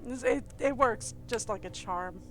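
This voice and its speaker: A woman from the eastern US streams a game and talks casually, full of chatty, animated asides. Her voice sits high and bright. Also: a little slow, soft background music. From eastern United States. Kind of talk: casual game commentary and reading aloud.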